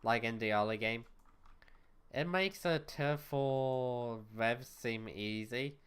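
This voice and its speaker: A man's voice: medium pitch, takes it slowly, fairly bright tone, clear, resonant tone. A man streaming a video game as a VTuber, talking to chat in a rambling, blunt and exasperated way, swearing freely. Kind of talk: casual gaming livestream chat.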